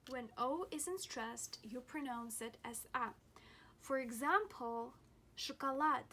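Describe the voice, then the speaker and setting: A young woman teaching a pronunciation lesson, speaking slowly and deliberately and repeating each example word several times. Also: on the high side, animated, sharp tone. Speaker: language teacher.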